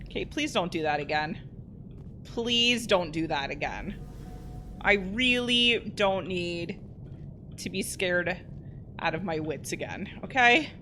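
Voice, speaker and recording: A woman commenting on her gameplay as host, chatting to the game's characters and yelping loudly when startled. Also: fairly low pitch, expressive, slow, pauses often, slight background noise. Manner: chatty, talks to game characters, startled into loud yelps. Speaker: let's play host. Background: game music and gunfire.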